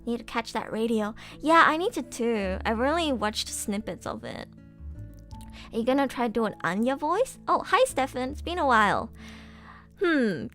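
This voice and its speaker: A woman's voice: fairly high pitch, fairly bright tone. A young adult woman voice actress chatting casually on a live stream, bubbly and giggly, gushing with enthusiasm.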